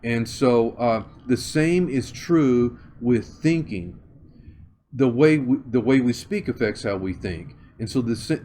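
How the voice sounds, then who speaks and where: A man with a Southern accent from Oklahoma, giving an interview and thinking aloud with many pauses and restarts. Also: mid-range voice, darkish tone, slight background noise. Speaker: interview guest. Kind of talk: conversational interview.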